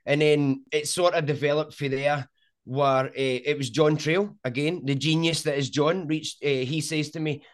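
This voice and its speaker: A man's voice: on the high side, moderate pace. A middle-aged Scottish man with a strong Scottish accent, telling stories animatedly in a casual interview. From Scotland. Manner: animated storyteller, frequent "do you know what I mean". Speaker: sumo content creator.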